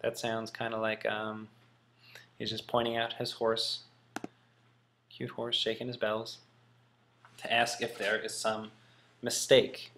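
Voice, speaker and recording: A man's voice: fairly low pitch, completely flat delivery, slow, pauses often, sharp tone, slight background noise. A man teaching in a casual, musing way, thinking aloud with frequent ums. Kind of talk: casual classroom explanation.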